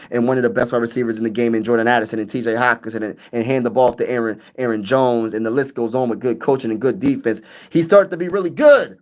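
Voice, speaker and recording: Young male sports streamer, casual, animated, talks right to his chat. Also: medium pitch. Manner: animated, chatty, reads out and answers viewer comments. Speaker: sports channel host. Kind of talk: casual livestream sports talk.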